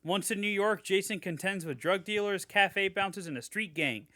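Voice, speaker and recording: A man's voice: high-pitched, normal speed, sharp tone, dry recording, clean studio sound. A young man co-hosting a podcast, reading fan reviews aloud in a mock-enthusiastic way, swearing casually. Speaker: podcast co-host.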